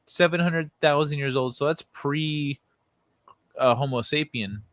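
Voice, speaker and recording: A man's voice: a little high, a little slow, fairly bright tone, no room sound. A man from Central America hosting a livestream, chatting casually and laid-back with viewers, often chuckling and swearing. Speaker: livestream host.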